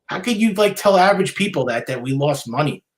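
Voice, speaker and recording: A man's voice: on the high side, animated, a little fast. A man hosting a solo sports podcast, ranting in a heated, indignant way, repeating himself and stumbling over restarts. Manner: heated, repetitive, stammering restarts; indignant, scolding. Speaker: podcast host.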